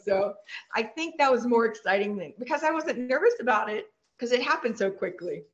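Animated Texan woman on a muffled line. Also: a little fast. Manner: animated, acts out quoted voices high and bright. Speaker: guest, team superfan. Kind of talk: casual interview storytelling.

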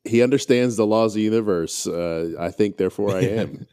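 A man's voice: lowish voice, brisk, warm tone, smooth, no room sound, studio quality. A man chatting as a podcast host in a jokey way, laughing along with his guest. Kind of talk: casual chat.

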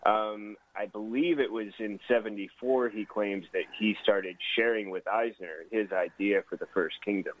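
A man hosting a radio interview, talking haltingly with many fillers. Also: fairly low pitch, fairly even intonation. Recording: tinny phone-like radio sound.

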